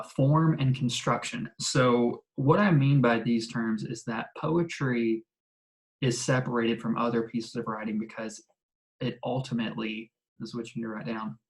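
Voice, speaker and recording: A man's voice: mid-range voice, poor audio. Guy teacher talking to his class, laid back, lots of ums and likes, medium voice. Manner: casual, explanatory, many fillers and restarts. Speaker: ninth-grade English teacher. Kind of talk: recorded remote lesson.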